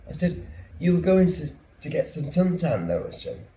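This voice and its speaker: An actor playing a lonely, anxious middle-aged son who lives with his mother, telling his story slowly and drily in a theatre monologue. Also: fairly high pitch, sing-song, warm tone. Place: theatre stage. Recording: roomy theatre sound, faint hum.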